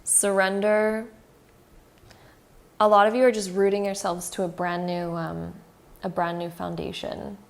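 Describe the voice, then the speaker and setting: A woman's voice: mid-range voice, flat delivery, a little slow, creaky, pauses often. A woman giving a casual, reassuring tarot card reading, speaking straight to the viewer with frequent fillers.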